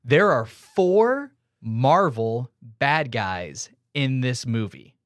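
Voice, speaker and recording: A man co-hosting a podcast, running trivia in a teasing, animated way. His mid-pitched voice swings widely. The recording is dry and close. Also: extremely slow, dry recording. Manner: teasing, animated quiz-giver. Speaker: podcast co-host. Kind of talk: casual chat, quizzing.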